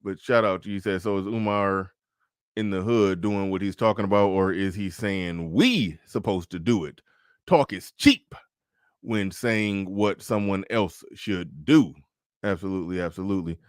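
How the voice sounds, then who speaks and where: A man's voice: deep voice, steady tone, normal speed, smooth, no room sound, studio quality. A man hosting a casual livestream, commenting emphatically, repeating phrases and stumbling on restarts as he reads out super chats.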